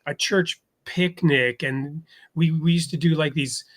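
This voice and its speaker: A man hosting a conversational faith podcast, talking in a thoughtful, halting way and laughing easily. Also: on the high side, steady tone. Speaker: podcast host. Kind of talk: conversational interview.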